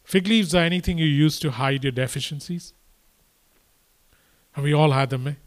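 A man's voice: on the high side, moderate pace. A man preaching a sermon, repeating his points and building to impassioned, emphatic exhortation.

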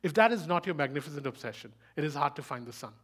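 A man delivering a sermon at a quick clip, his voice sitting a little high. He drives his points home with rhetorical questions and repeats key words with rising force. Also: animated, husky. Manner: emphatic, rhetorical questions, rises to loud bursts; speaks fast. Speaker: preacher.

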